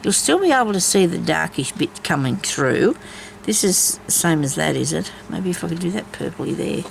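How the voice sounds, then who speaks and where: A woman's voice: on the low side, big pitch swings, moderate pace, creaky, slight background noise, poor audio. A woman chats casually while she embroiders, rambling from story to story with many asides. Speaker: craft vlogger.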